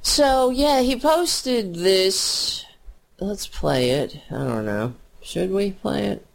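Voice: medium pitch, expressive, takes it slowly, gravelly. A political commentator in an angry, crude rant, scornful, with frequent restarts and asides.

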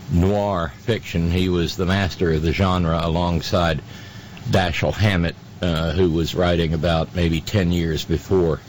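A man hosting talk radio, speaking slowly and unhurriedly in a lowish voice. He stumbles through fillers and restarts and drops dry, mocking asides. A faint hiss sits under the voice. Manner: halting, many fillers and stammered restarts. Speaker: radio talk show host. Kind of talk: casual on-air commentary.

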